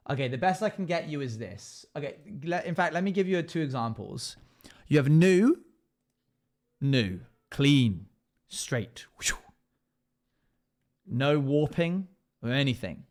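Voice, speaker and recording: A young man live-streaming, chatting casually as he builds and thinking out loud while he answers chat. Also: on the high side, expressive, a little slow, long pauses.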